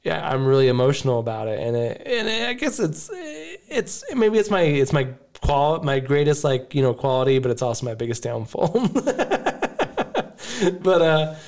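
A man's voice: medium pitch, animated, brisk, hardly any pauses, a little mellow. Male podcast host, casual chat, rambling, emotional, laughs a lot.

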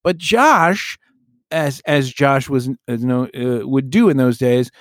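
A man's voice: mid-range voice, expressive, a little slow, no room sound, clean studio sound. A middle-aged man co-hosting a podcast in casual chat, joking and exaggerating for fun. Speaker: podcast co-host.

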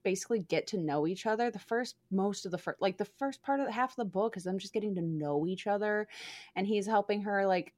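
A woman's voice: medium pitch, brisk, a little mellow, dry recording. A young woman chatting casually as a podcast co-host, gushing and swearing freely with lots of fillers. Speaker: podcast co-host reviewing a book. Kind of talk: casual chat.

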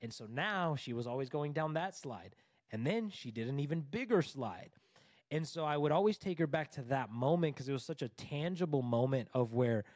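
A man in his thirties, a coach, telling a personal story in a casual interview, animated and conversational with lots of "like" and "bro". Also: a little high, fairly quick, no room sound, clean studio sound. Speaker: divorce recovery coach, podcast guest.

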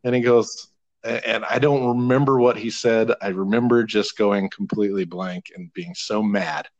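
A man in his thirties telling a long, animated, profane story in casual podcast chat, laughing now and then. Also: lowish voice, normal speed, dull audio.

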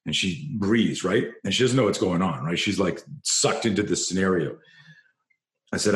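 Deep-voiced passionate male self-defense coach. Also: a little fast, roomy sound. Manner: passionate, profane, repeats himself at restarts. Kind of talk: storytelling interview guest.

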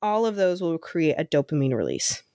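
A woman's voice: low voice, very animated, normal speed, mellow, no room sound, clean studio sound. A young adult woman, a therapist co-hosting a podcast, chatting casually with frequent fillers. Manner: chatty, lots of fillers and laughter. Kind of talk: casual chat.

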